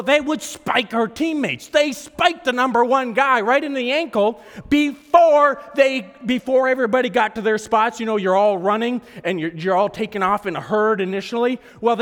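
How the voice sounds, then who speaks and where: A hoarse man preaching a sermon, telling a story in an animated, self-mocking way and laughing often. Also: high-pitched. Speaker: pastor. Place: church service hall. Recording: echoey hall reverb.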